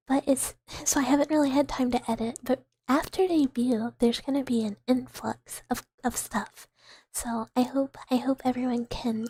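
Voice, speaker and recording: A young woman streaming, softly whispering and giggling through her chat in a whispered role-play as a mouse character. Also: high-pitched, breathy edge, dry recording. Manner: soft whispery chatter with frequent giggles. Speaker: VTuber streamer. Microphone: close ASMR microphone.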